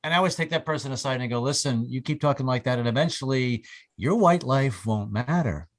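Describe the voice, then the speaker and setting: A middle-aged man performing a stand-up comedy set on a club stage, breaking into loud shouted impressions. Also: mid-range voice, fairly quick, rough recording.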